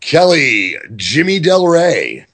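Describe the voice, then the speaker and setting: A man's voice: a little high, very animated, takes it slowly, a bit bright. A man hosting a casual quiz game on a podcast, playful and joking as he reads names from a list. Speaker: quiz host.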